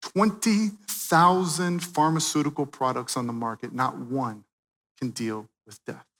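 A man preaching a sermon, swinging from loud, emphatic peaks to quiet, hushed moments. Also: mid-range voice, fairly even intonation, measured pace, in a large hall. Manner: dynamic preaching, swelling loud then dropping soft.

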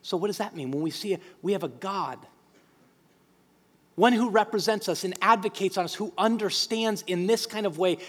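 A man preaching a sermon as pastor, emphatic and animated, quoting scripture in acted voices. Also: sits high, moderate pace. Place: church sanctuary. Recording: long hall reverb.

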